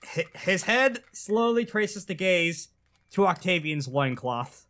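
Male game master, wry, quick, lively pitch. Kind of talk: narrating a tabletop game.

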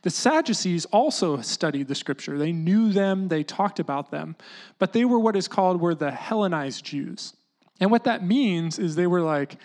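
A preacher giving a conversational sermon, explaining scripture in a loose, chatty way full of "like" and "you know", sometimes dropping to a hush. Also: medium pitch, normal speed. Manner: casual, animated teaching with lots of "like" and "you know"; often drops into a hushed voice to act out quotes.

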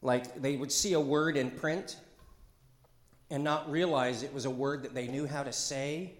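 A middle-aged male pastor delivers a loose, conversational sermon in a church. He jokes, wanders into asides and calls out to the congregation for responses, with a voice of ordinary pitch. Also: steady tone, a little slow, reverberant. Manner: chatty and joking, with asides and call-and-response. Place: church sanctuary.

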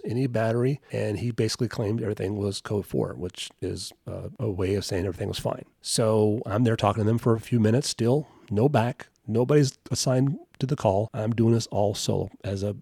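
A man's voice: lowish voice, gravelly, warm tone, husky, no room sound, clean studio sound. A man hosting a podcast, telling a first-person war story from his years as a police officer in a conversational way. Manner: conversational, with occasional chuckles.

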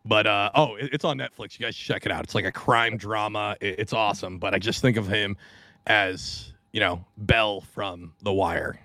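A man hosts a casual podcast in a gravelly register. He rambles and swears through his stories. The recording is dry and close. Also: on the low side, fairly even intonation, normal speed, pushed and bright, no echo. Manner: profane, rambling storyteller. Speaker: podcast host.

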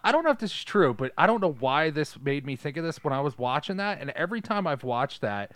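A man co-hosting a casual movie podcast, joking with lively interjections. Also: a little high, quick pace, no room sound. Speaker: podcast co-host.

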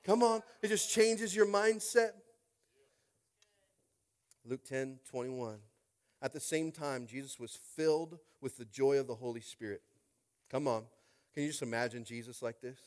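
A man preaching a sermon in an animated way, tossing out call-and-response asides and swinging from loud to hushed. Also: mid-range voice, a little slow, long pauses. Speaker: pastor.

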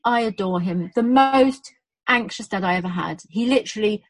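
A woman's voice: mid-range voice, normal speed, no echo, poor audio. A woman with a British accent who works in birth support, chatting casually and acting out quotes as she tells stories. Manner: animated storytelling with acted-out quotes. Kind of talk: casual chat.

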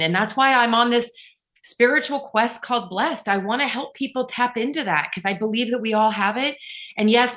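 A middle-aged woman telling a personal story as an interview guest, earnest and animated, often turning to the host. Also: on the high side.

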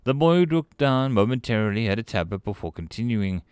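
A man narrating sci-fi short stories in an expressive, animated audiobook style. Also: on the low side, fairly quick, hardly any pauses, clean tone, no echo, clean studio sound.

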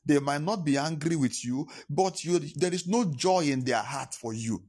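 A man's voice: fairly high pitch, normal speed, a little mellow, breathy edge. A man preaching a sermon as a pastor, repeating his points and acting out phone calls with his father in pidgin.

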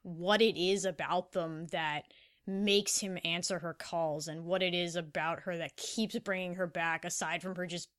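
A woman co-hosting an anime podcast, recapping episodes in casual chat, animated, with lots of fillers and restarts. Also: lowish voice, a little slow. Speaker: podcast co-host.

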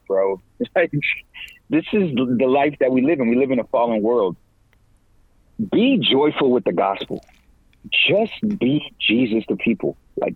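A middle-aged man, a podcast guest and evangelist, talking about faith in a casual, slangy way, with his voice jumping up when he gets excited. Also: breathy edge, no room sound. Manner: animated, slangy, pitch leaps when excited. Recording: tinny phone-like line, dry.

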